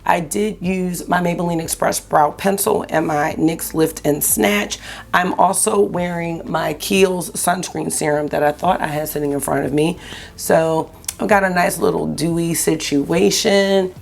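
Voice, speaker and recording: Chatty woman with a gravelly morning voice. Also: on the low side. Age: 40s. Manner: chatty, uses "y'all". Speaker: beauty vlogger. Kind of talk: casual get-ready-with-me chat.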